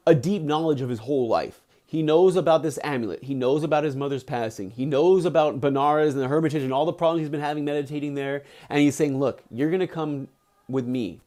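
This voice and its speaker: Young male streamer, slightly high voice, excitable casual storyteller who leans on fillers and acts out every quote. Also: brisk. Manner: animated, excitable, acts out quotes with big pitch jumps; many fillers like "he's like". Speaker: streamer reading a book aloud. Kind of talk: casual retelling of a book on a livestream.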